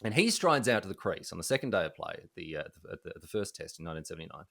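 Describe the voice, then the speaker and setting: Animated Australian man telling stories. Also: low-pitched, racing, gravelly. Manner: animated, jokey, laughs often. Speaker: journalist guest. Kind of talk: casual anecdotal storytelling.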